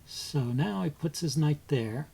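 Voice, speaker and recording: A man's voice: a little high, animated, unhurried, gravelly, warm tone, breathy edge. A man hosting his chess channel, commentating live on his own blitz game, thinking aloud with frequent ums and muttering moves under his breath.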